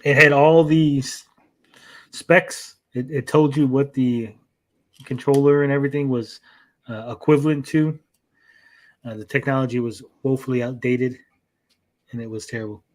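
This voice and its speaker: His mid-range voice stays steady at a moderate pace, broken by long pauses, as he recounts a long story on his reaction stream. Casual throughout, he ends many sentences with "right?" and acts out quoted lines in a raised voice.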